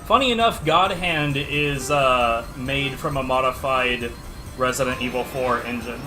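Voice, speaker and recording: Streaming a game over background game music, a man chats casually and fields viewers' questions with offhand sarcasm. His voice is mid-range and he speaks a little slowly.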